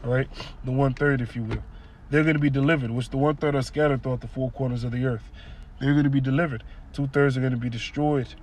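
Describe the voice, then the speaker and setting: A man's voice: mid-range voice, fairly even intonation, fast talker, slight background noise. A man preaching, reading verses aloud and then explaining them line by line with strong emphasis. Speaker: scripture teacher.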